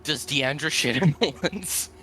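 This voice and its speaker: A man's voice: fairly high pitch, unhurried, a crowd in the background. A man player in a casual tabletop game, cracking jokes with the group. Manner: joking, animated.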